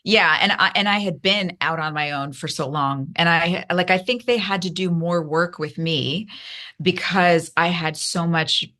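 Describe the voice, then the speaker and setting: Unhurried and sharp in tone, a female podcast guest shares her story openly and sincerely, restarting often and using many fillers, her pitch rising high at emotional moments.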